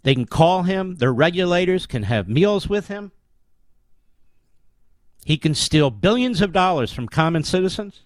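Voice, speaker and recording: A man with a fairly high voice delivers a forceful, declamatory political monologue as a talk show host. He hammers his points home with repeated phrases. The recording is dry and close, with no room echo. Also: lively intonation, measured pace, long pauses. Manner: emphatic, declamatory, heavy rhetorical repetition.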